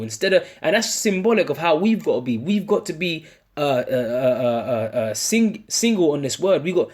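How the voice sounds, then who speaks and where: Husky British man preaching casually. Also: a little high. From United Kingdom. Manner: casual slang, ends phrases with "man", many restarts. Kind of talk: informal street-style sermon.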